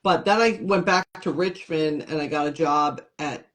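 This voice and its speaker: Chatty woman telling lively stories. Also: low-pitched, normal speed. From Syracuse, New York. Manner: lively storyteller, acts out quoted voices. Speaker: guest comedian and TV host. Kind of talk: casual interview chat.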